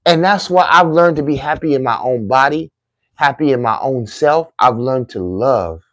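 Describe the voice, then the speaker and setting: A man's voice: medium pitch, expressive, normal speed, a bit bright, no room sound. Middle-aged man preaching to viewers. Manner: preachy, emphatic, repetitive phrasing. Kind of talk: heartfelt monologue to viewers.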